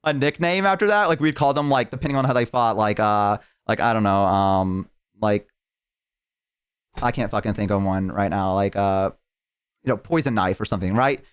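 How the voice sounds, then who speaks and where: A man's voice: lowish voice, moderate pace, clean tone. A young man streaming, telling a long story in casual, rambling, profane chat full of "like". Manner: rambling, profane, heavy use of "like".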